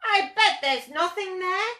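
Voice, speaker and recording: A woman doing a scoffing dinosaur dad. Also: sits high. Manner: brisk and scoffing. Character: gruff, scoffing father dinosaur. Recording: roomy echo.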